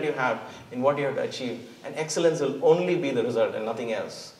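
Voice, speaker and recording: A man's voice: fairly high pitch, lively intonation, a little fast, few pauses. Earnest man speaking in an echoey hall. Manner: earnest, emphatic, repeats words. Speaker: guest speaker. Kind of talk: inspirational spiritual talk. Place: church hall. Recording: echoey hall, mic at a distance.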